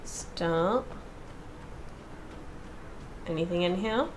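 A woman's voice: fairly low pitch, extremely slow, slight background noise. A woman playing a horror game, talking casually to herself, swearing freely and screaming when startled. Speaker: let's play streamer. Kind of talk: casual gameplay commentary.

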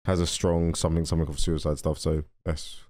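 A man hosting a reaction video, giving excitable, casual commentary. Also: rumbling low, brisk. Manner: excitable, laughing.

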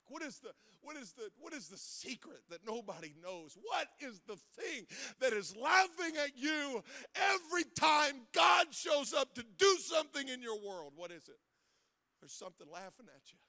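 High-pitched, fiery preaching man. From Ohio. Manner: impassioned, swings between loud shouting and hushed near-whispers. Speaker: assistant pastor. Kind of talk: Pentecostal-style preaching sermon. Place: church sanctuary.

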